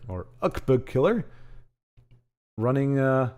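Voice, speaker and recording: A man's voice: medium pitch, very animated, slow pace, long pauses. A man hosting a live card-game stream, rambling and ranting in casual chat between bits of game commentary. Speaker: stream host and caster.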